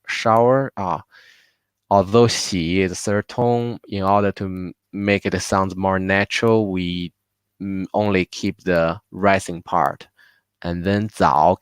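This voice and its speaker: Slow, low-voiced man with a Chinese accent. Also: clear, resonant tone, dry recording. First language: Mandarin. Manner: patient, repeats words slowly for learners. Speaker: Mandarin teacher. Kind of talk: live online language class. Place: home.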